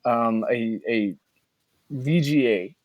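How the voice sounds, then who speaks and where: A man co-hosts a podcast in a relaxed, rambling way, often restarting his sentences. His voice sits at a middle pitch. The recording is close and dry, with no room sound. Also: takes it slowly, dry recording. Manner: rambling, self-correcting, wraps up with offhand plugs. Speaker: podcast co-host. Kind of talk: casual podcast chat.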